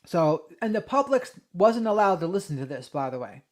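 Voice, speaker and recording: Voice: mid-range voice, big pitch swings, normal speed. A true crime livestream host, conversational and thinking aloud, who reads out a call transcript and then comments on it.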